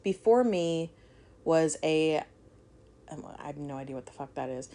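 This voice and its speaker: Woman host, low voice, reads a history tale with casual asides. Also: expressive, normal speed, dark tone. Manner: reads aloud then breaks off to joke and swear. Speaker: podcast co-host reading a history story. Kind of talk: casual storytelling chat.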